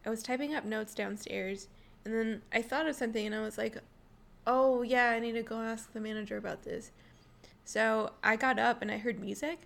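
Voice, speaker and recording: A woman co-hosting a casual podcast, telling a story with lots of energy. Her voice is fairly high with a gravelly fry. She laughs often and acts out her own gasps. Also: fairly even intonation, moderate pace, fairly bright tone. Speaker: podcast co-host.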